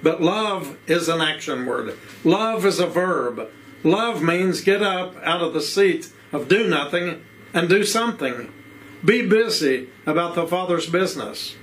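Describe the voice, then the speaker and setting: A man with an Appalachian accent preaching a sermon, with rhythmic repeated phrases and rhetorical questions, slowing down to stress key words. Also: high voice, animated, fairly bright tone, poor audio.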